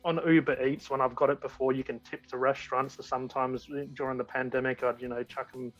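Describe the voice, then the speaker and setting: A man with a mid-range voice and little pitch movement speaks at a quick pace as a guest in a casual conversation. Enthusiastic and rambling, he keeps restarting. The lo-fi recording is dull, with faint music in the background.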